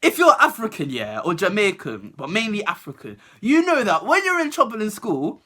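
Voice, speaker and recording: A young woman telling a storytime vlog in an animated, laughing way. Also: mid-range voice, normal speed. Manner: animated, laughing, acts out other people's voices. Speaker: vlogger.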